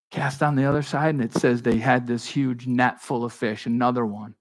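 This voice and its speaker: A man preaching a sermon in a conversational, animated way, acting out the dialogue of Bible figures. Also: medium pitch, fast, hardly any pauses. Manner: conversational with frequent restarts and asides. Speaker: pastor.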